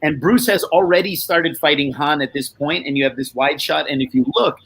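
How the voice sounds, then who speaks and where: Husky man explaining film trivia. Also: on the high side, a little fast, fairly bright tone, poor audio. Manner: explanatory, storytelling. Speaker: guest. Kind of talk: casual movie discussion.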